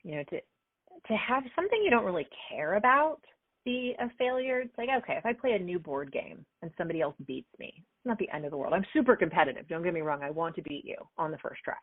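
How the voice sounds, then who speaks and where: A woman in her forties, a performance coach answering interview questions in an energetic, chatty way. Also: on the low side, fast talker, no echo. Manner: energetic, chatty, acts out little quoted exchanges. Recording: dry, phone-like remote call audio.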